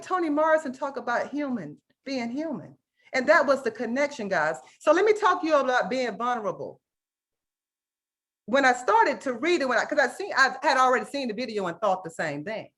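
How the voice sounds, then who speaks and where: Her voice is high-pitched and a bit bright as this woman teacher delivers an emotional, earnest workshop over video call for an online conference. She frequently checks in with "right?" and refers to the audience as "guys."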